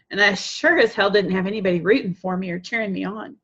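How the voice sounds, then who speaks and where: A woman's voice: mid-range voice, steady tone, fast talker, few pauses, a bit bright, muffled recording. A woman sharing an emotional testimonial on a group call, tearful and laughing as she speaks. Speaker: program participant.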